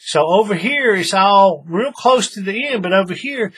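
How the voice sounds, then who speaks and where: A man's voice: sits high, expressive, normal speed, fairly bright tone, slightly rough. A man hosting a hands-on craft tutorial, chatting in a folksy way to his viewers while he works. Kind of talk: casual hands-on craft demonstration.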